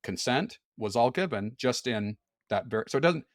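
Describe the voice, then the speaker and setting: A man's voice: mid-range voice, animated, moderate pace, no room sound, clean studio sound. A man talking candidly as a podcast guest, explaining things frankly with occasional laughs. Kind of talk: casual conversation.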